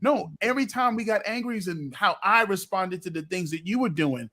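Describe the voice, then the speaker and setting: Earnest, preacherly man with a high voice. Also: expressive, fairly quick, pushed and bright. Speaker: podcast co-host. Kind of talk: casual chat.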